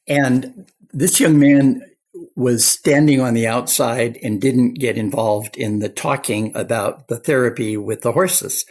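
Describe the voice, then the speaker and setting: Guesting on an interview, an older clinical psychologist shares stories in an earnest, anecdotal way. He speaks unhurriedly in a steady, mid-range voice with a darkish tone.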